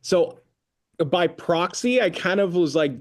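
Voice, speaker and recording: Rambling, animated Californian metal singer. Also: male voice, high-pitched, takes it slowly. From Concord, California. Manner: rambling, filler-heavy, animated storytelling. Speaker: band vocalist, guest. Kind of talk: casual interview chat.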